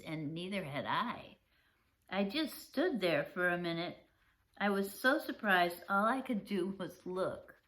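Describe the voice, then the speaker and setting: Slow gentle grandmother reading aloud. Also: medium pitch. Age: older. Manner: gentle, unhurried, shows pictures. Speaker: storyteller. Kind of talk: reading a children's book aloud.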